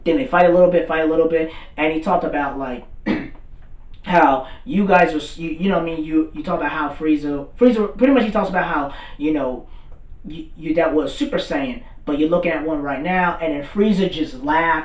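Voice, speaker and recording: A man rattles through an anime recap, excitable and rambling, cursing freely and waving details off with "blah, blah". His voice sits back from the mic in a roomy space. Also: a little high, moderate pace, far from the mic, muffled recording. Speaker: anime commentator. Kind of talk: casual recap rant.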